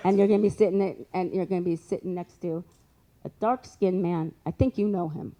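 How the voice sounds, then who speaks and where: A woman's voice: on the low side, fairly even intonation, brisk, mellow, lightly acted. A woman imitating an older woman psychic who speaks emphatically, stumbling and repeating words as she insists on her visions. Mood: insistent.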